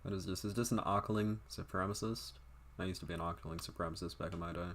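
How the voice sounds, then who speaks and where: A man's voice: low-pitched, steady tone, fast talker, a bit bright. A young man streaming a game, chatting to viewers in a rambling, offhand and profane way. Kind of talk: casual livestream chat.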